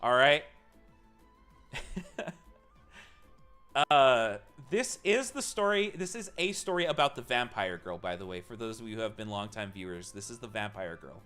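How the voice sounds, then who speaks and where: Lively, bright young man telling stories. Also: mid-range voice, a little slow, pauses often, smooth, faint music behind. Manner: animated, laughing often, swearing. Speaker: streamer. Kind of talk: casual storytelling to a live chat.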